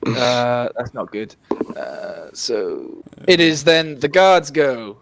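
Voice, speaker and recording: A man's voice: mid-range voice, expressive, slow, vocal fry, slight background noise. A man running a tabletop game as dungeon master, setting scenes in a chatty way and often restarting his phrases. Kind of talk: casual tabletop game narration.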